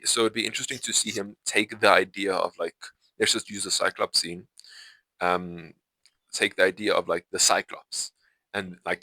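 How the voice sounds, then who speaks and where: A man's voice: deep voice, pushed and bright, no echo, low-quality recording. A young man vlogging a film review in casual, rambling talk, full of fillers and self-corrections. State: itchy eyes. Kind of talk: casual unscripted talk to camera.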